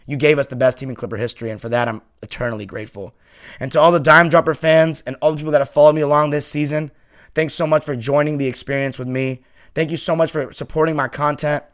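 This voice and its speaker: A man hosting a sports podcast, delivering a passionate fan monologue that swings from heated ranting to quiet, heartfelt reflection. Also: a little high, fairly even intonation, fast talker.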